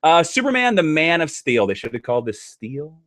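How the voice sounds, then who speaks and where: A man's voice: a little high, a little fast. A man hosting a casual live stream chat, talking with enthusiasm. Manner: enthusiastic, animated.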